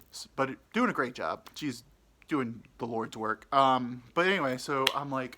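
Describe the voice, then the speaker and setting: Young man, casual comic storytelling, rambling, crude, lots of "like" fillers, bright tone, middle pitch. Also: normal speed, a little hiss or hum. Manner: rambling, crude, full of "like" fillers, acts out quotes. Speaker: podcast storyteller.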